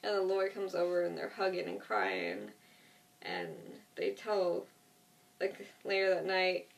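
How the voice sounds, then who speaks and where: A woman's voice: on the low side, very animated, a little slow, gravelly, far from the mic. A young woman casually retelling a TV episode to a friend, rambling with lots of "like" and the odd swear word. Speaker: vlogger.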